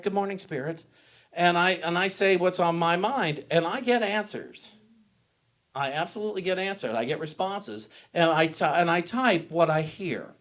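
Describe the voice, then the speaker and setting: A man's voice: sits high, fairly bright tone. Man preaching a conversational sermon. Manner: personal, conversational preaching with frequent restarts. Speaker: pastor. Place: church sanctuary.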